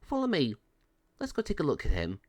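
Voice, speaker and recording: A chirpy, helpful pound officer woman, as a man puts her on for a read-aloud storybook. Her voice sits high and swoops in a lively sing-song. The sound is dry and close. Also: a little fast, no echo. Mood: cheery.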